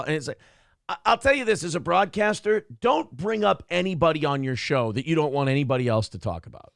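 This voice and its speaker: A man hosts a talk show in blunt, profane, ranting commentary. His voice is gravelly and sits a bit high. The sound is dry and close. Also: a little fast, a bit bright, no room sound. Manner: blunt, ranting, mocks others with put-on voices. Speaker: morning show co-host.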